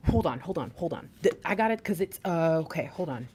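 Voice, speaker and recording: A woman gives an excitable tarot reading, talking straight to her viewers and dropping now and then into laughs and whispers. Her voice sits on the low side for a woman. A faint hiss runs behind her. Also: quick pace, few pauses. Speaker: tarot reader.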